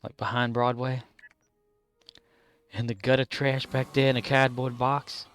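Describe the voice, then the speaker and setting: A man of middling pitch streams a game live and chats loosely as he plays. He rambles and jokes, laughing at his own bits along the way. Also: flat delivery, unhurried, a bit bright, clear, resonant tone, faint music behind. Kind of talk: casual live-stream chat.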